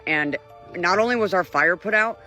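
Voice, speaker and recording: A man's voice: high-pitched, normal speed, sharp tone. A man telling a camping ghost story in an earnest, casual way. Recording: faint music behind.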